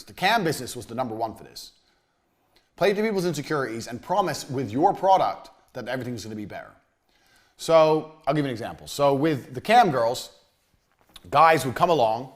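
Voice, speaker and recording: A man with a somewhat raised pitch delivers a business lecture to students in a university room. His talk is blunt and crude. It lurches from loud, forceful emphasis to quiet, throwaway asides. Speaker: business speaker.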